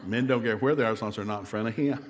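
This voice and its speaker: A man's voice: on the low side, racing, noisy background. Middle-aged guy doing a funny marriage seminar, folksy, jokey, acts out couples talking. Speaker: guest seminar speaker. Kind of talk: humorous marriage seminar talk.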